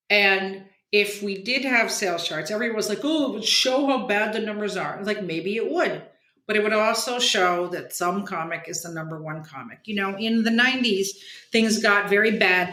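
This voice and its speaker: A woman's voice: medium pitch, a bit bright, echoey room. A woman in her sixties, a comics editor and journalist guesting on an interview, talking bluntly and emphatically, often tagging "okay?". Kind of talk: casual interview talk.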